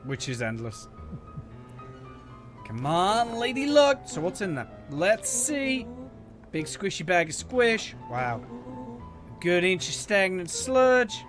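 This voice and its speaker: A high-pitched, very animated man talks slowly in a somewhat bright voice while streaming a game, faint music behind him. He performs the characters' lines in silly put-on voices and throws in jokes between them, let's-play style.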